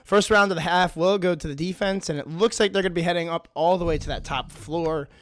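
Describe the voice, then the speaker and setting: Male color caster, slightly high voice, relaxed analysis, faint game noise. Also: brisk. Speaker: esports commentator. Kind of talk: color commentary on a match.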